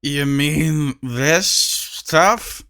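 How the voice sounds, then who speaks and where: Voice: medium pitch, very slow, gravelly, sharp tone, heavily acted. A narrator voicing a drunk male dwarf who slurs his words in an audiobook. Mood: tipsy. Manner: slurred and sluggish.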